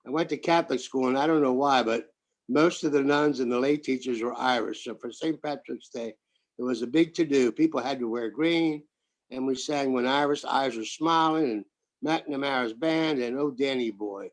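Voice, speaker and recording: A man's voice: mid-range voice, moderate pace. An American man in his seventies chatting on a video call, joking and telling rambling anecdotes. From United States. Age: 70s. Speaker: participant. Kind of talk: casual chat on a video call.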